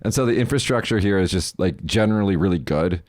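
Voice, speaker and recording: A man's voice: deep voice, lively intonation, fast, a little mellow, dry recording, studio quality. A young man from Las Vegas hosting a podcast, chatting casually, rambling and swearing freely. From Las Vegas, United States. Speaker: podcast host. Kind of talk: casual chat.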